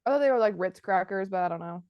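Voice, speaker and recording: A woman with a mid-pitched voice adds quick asides and corrections during a casual movie recap. Her voice sounds dry and close. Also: lively intonation, no room sound, dull audio. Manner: chimes in with short corrections and asides. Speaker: podcast co-host.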